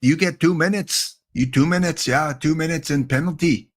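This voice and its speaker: A man putting on an exaggerated fake Canadian accent as a jokey hockey fan, tagging his lines with drawn-out "eh". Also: fairly high pitch, voice pushed up, natural voice.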